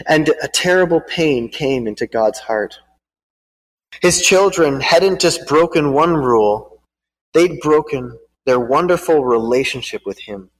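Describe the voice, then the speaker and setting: A man preaches and then reads a Bible storybook aloud. He halts and repeats words as he goes. His voice is somewhat high. It rings with the long reverb of a church hall. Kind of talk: sermon with storybook reading.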